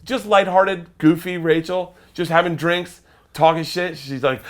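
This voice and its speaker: A middle-aged comedian telling wild stories as a guest, swearing freely and acting out the other people's voices, sometimes shouting. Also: male voice, fairly high pitch, fairly quick. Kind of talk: animated storytelling.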